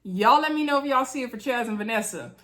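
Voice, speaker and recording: Talking fast in a bright, animated, slightly high voice, a young woman gossips her way through a reality show recap. She's chatty, acts out quotes, and keeps addressing her viewers directly as "y'all."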